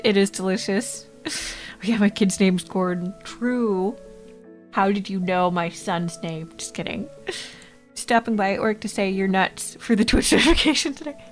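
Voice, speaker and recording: Casting note: young adult woman from Canada, streamer voice, blunt and quick to laugh, faint music behind. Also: medium pitch. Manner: blunt, swears freely, laughs often. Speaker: VTuber streamer. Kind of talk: casual stream chat and storytelling.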